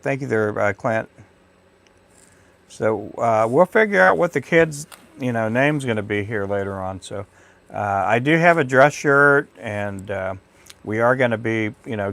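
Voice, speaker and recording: A middle-aged Texan hosts a casual livestream, rambling and chatty as he thanks viewers by name in live conversation. His mid-range voice is a bit bright, and the recording is dry.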